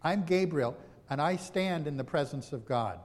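A man's voice: a little high, expressive, normal speed, long reverb tail. A preacher voicing a stern male angel who speaks in firm, declarative pronouncements.

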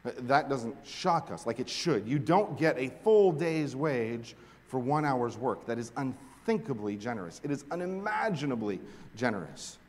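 Male pastor, mid-pitched, animated delivery from quiet to forceful, big reverberant hall. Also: unhurried. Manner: animated preaching, swinging from hushed to emphatic. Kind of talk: sermon. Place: large hall with long reverb. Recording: echoey hall recording.

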